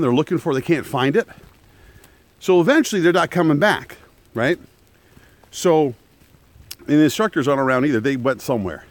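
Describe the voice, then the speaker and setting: Animated man telling a story outdoors. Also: on the high side, dry recording. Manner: animated, emphatic storytelling with shouted quotes. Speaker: vlogger. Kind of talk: casual storytelling vlog. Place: woods outdoors. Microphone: phone held at arm's length for a selfie.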